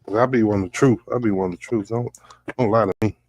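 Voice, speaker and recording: Southern man co-host, low voice, easygoing, dry close mic. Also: steady tone, quick pace, a little mellow, dry recording, rough recording. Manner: laid-back, short agreeing replies. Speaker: podcast co-host. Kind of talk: casual barbershop-style chat.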